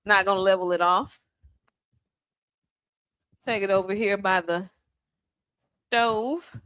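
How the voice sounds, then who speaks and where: Bright-voiced woman chatting while cooking. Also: mid-range voice, steady tone, slow pace, clean tone. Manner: chatty, playful, teasing the person filming. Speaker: home cook host. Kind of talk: casual cooking demonstration. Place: home kitchen by the stove.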